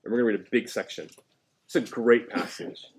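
A man's voice: mid-range voice, fairly quick, husky. A man preaching a conversational sermon, reading scripture aloud with emphasis and asking his listeners questions. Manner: conversational, asks the listeners questions, jokes and laughs. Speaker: pastor.

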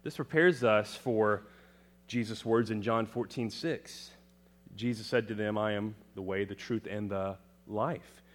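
A man preaching a sermon, asking the congregation questions and swinging from quiet low lines to loud emphatic proclamations. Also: measured pace. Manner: dramatic, rising to loud emphatic proclamations then dropping low; asks the congregation questions and answers them.

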